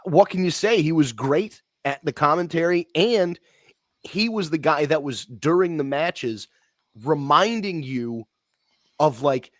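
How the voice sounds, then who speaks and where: Blunt, swearing wrestling podcast host. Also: male voice, a little high, lively intonation, measured pace, fairly bright tone, dry recording, clean studio sound. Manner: blunt, swears casually, rambling opinions. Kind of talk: casual wrestling talk.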